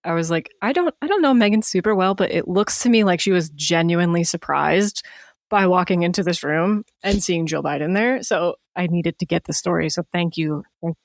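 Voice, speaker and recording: A woman hosts a podcast and thanks her guest in a friendly, casual way. Her voice sits low. The sound is dry and close. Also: moderate pace, no echo. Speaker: podcast host. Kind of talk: casual interview chat.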